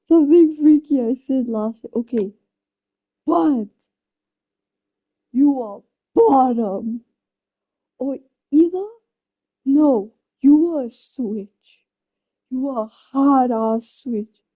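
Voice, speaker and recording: A woman's voice: high-pitched, slow, pauses often, dark tone, slightly rough, highs cut off. A woman live streamer chatting casually, flustered and exclaiming often as she laughs through her reactions. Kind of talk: casual chat.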